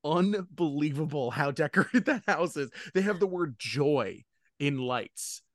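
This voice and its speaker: A man's voice: on the high side, lively intonation, measured pace, no echo, studio quality. A man hosting a podcast, chatting enthusiastically, often laughing. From Florida, United States. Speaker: podcast host. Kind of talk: casual chat.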